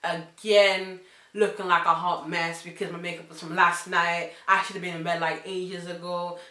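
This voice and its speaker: A young woman telling a casual story, swinging between loud outbursts and hushed asides. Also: lowish voice, little pitch movement, normal speed. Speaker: vlogger. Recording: echoey room.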